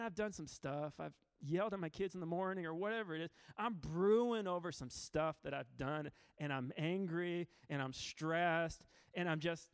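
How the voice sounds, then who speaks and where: A man's voice: on the high side, clear, resonant tone, dry recording, clean studio sound. A man in his thirties preaching a sermon in an earnest, informal way, often restarting his sentences. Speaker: pastor. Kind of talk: conversational sermon.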